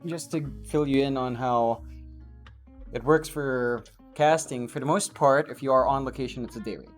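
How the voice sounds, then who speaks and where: An easygoing man in casual podcast chat, agreeable and quick to chime in. His voice is an ordinary middle pitch, and faint music plays in the background. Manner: easygoing, agreeable, backchannels a lot. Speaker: esports caster and podcast co-host. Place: hotel conference room.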